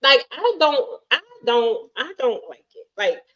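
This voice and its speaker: A woman's voice: high-pitched, big pitch swings, measured pace, a bit bright. Blunt ranting woman, lo-fi sound. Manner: blunt, ranting, restarts often. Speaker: podcast co-host. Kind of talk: casual chat.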